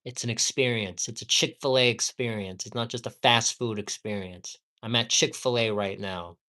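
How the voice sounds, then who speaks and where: A man's voice: lowish voice, fairly quick, pushed and bright. A man ranting heatedly and profanely at home during a casual livestream, rambling and repeating himself for emphasis. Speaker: live streamer.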